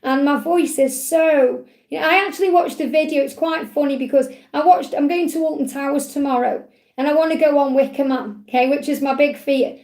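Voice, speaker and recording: A woman with a Stoke-on-Trent accent, chatting warmly and digressively as she answers viewers' questions in a live card reading. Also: high-pitched, a little fast, reverberant. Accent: Stoke-on-Trent English. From England. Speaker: spiritual reader.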